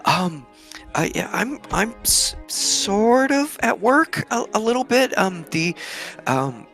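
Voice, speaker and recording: A man's voice: high-pitched, very animated, fairly bright tone, soft background music, pitched above the performer's own voice, full character voice. A man doing a flustered, stammering nervous woman. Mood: surprised. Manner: stammering, halting.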